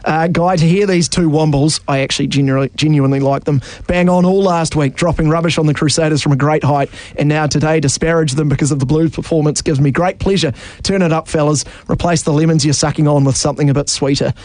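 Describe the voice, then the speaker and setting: A New man hosting sports talk radio, briskly reading listener messages with dry asides. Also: a little high, steady tone, darkish tone, no echo.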